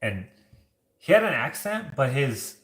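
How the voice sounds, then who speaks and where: A man's voice: mid-range voice, very animated, unhurried, a bit bright, roomy sound. A man hosting a casual livestream from his home kitchen, washing dishes while he reads comments and rambles, full of filler words like "like". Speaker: streamer and host.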